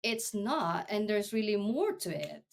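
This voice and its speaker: A woman's voice: mid-range voice, very animated, unhurried, gravelly. A woman hosts a casual interview conversation. She is from the United States and asks probing questions in a reflective way, taking her time between thoughts. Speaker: interview host.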